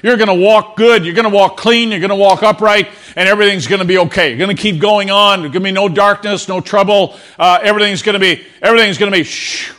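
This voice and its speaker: High-voiced man preaching a sermon. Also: fairly even intonation, quick pace, hardly any pauses, sharp tone. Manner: earnest, repeats words, calls for congregation response. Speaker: pastor. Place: church before a congregation.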